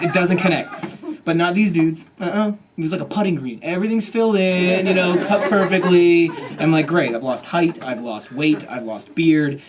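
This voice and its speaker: A man in his thirties tells a comic story to a live audience in a fairly high voice. He is animated and self-mocking, and he slips into acting out his own thoughts as the story goes on. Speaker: author at a book event.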